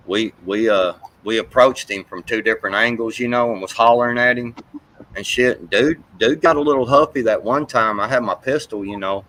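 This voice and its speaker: A man's voice: fairly low pitch, bright, forceful tone, poor audio. A man telling a heated, profane, rambling story in casual chat.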